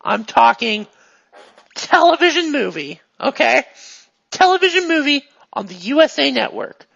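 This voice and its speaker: A game master voicing an excitable, pushy female TV star who gushes and swings between loud and hushed. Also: high-pitched, a little slow, vocal fry, lo-fi sound, voice pushed up, full character voice. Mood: gushing. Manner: gushing, jumps from excited to hushed.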